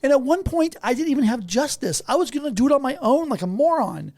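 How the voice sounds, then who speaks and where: A man's voice: very high-pitched, quick pace. A man as a podcast guest in a house, telling stories animatedly and laughing between sentences. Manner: animated storytelling, often laughing mid-sentence. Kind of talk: casual conversation.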